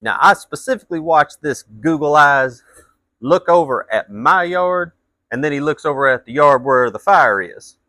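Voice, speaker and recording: A man's voice: a little high, animated, moderate pace, bright, forceful tone, no room sound. A man telling a blunt, profane story as a rant, his voice jumping up into heated outbursts. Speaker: vlogger.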